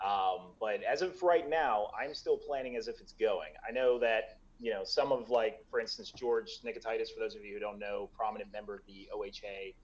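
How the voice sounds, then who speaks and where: A man's voice: fairly low pitch, a little fast, few pauses, dull audio. An American man chatting as a guest about the event he organizes, with many fillers and restarts. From United States. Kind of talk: casual chat. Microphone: video call.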